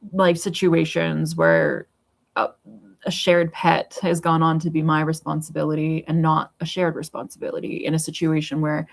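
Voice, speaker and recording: A woman's voice: sits low, poor audio. A woman in her forties rambling at home in a casual personal vlog, blunt and swearing freely. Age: 40s. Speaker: vlogger. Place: home with pets.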